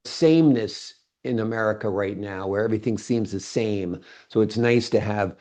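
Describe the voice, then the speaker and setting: A man hosting an interview and chatting in a relaxed, agreeable way. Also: lowish voice, moderate pace. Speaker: interview host. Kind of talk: casual conversational interview. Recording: dull lo-fi recording.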